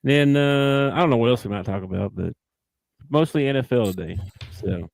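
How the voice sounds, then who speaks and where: A man hosts a podcast, easygoing and quick to joke. His voice sits in a middle pitch, and it is recorded dry with no room sound. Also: creaky, no echo. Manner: easygoing, joking. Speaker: podcast host. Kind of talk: casual chat.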